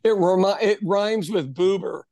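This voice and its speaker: A man of about sixty co-hosting a podcast, telling stories in an animated, casual way and laughing often. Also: high-pitched, unhurried, gravelly, no echo. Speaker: podcast co-host, pub owner. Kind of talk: casual chat.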